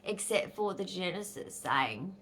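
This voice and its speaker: A woman's voice: lowish voice, lively intonation, unhurried, fairly bright tone, slight background noise. An Australian woman in her fifties, talking bluntly and angrily to camera in a casual vlog, swearing freely. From Western Australia. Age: 50s. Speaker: vlogger.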